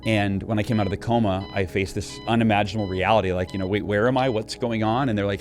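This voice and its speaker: A middle-aged man, an interview guest, telling a personal story earnestly, with many restarts and quick shifts in pace. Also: fairly low pitch. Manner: earnest, animated retelling with frequent restarts. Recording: faint music behind the voice.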